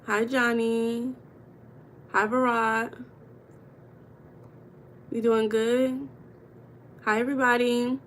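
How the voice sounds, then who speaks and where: A woman's voice: on the high side, level tone, takes it slowly, pauses often, a bit bright, a little hiss or hum. A woman from the United States hosting a casual livestream, greeting viewers by name and talking about money mindset in a chatty, playful way.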